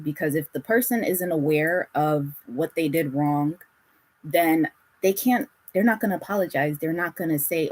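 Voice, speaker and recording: A woman's voice: lowish voice, rough recording. Blunt, swearing woman doing a tarot reading. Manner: blunt, swears freely, laughs often. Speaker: tarot reader. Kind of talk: casual spiritual reading.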